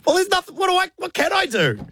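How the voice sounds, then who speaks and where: A man's voice: extremely high pitch, wildly swooping pitch, quick pace, sharp tone, no room sound. Exasperated Australian man ranting. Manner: mock-exasperated, acts out quoted voices. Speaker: co-host. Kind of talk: casual chat.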